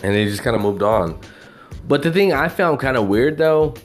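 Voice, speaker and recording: A man's voice: medium pitch, animated, moderate pace, soft background music. A man talking to camera in a casual, rambling monologue, swearing often and filling his speech with "you know" and "like.". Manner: profane, meandering, full of fillers.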